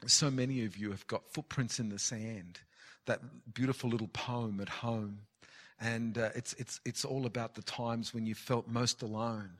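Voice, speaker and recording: A man's voice: medium pitch, fairly bright tone. A man preaching a sermon with passion, repeating key phrases for emphasis. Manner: impassioned, heavy repetition for emphasis. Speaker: pastor.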